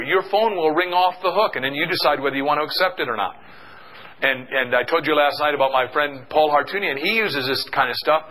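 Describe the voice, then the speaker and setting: A middle-aged man giving an energetic motivational seminar talk, calling out questions for the audience to answer. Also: fairly high pitch, low-quality recording. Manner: energetic, call-and-response with the audience. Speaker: seminar speaker.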